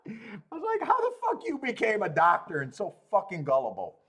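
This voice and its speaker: Casual male stream host, 30s, fairly high, lively pitch, profane and rambling. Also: breathy edge. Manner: swears freely, rambling, laughs often. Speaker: host of a live streaming show. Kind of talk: casual chat reading live chat.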